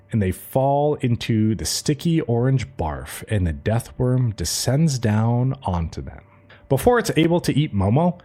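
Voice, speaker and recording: A man on a podcast talking through an episode, his pitch rising and falling a lot as he tells it. Casual and loose, he swears freely and drops into quick character bits. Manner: animated storytelling, swearing. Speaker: podcast co-host.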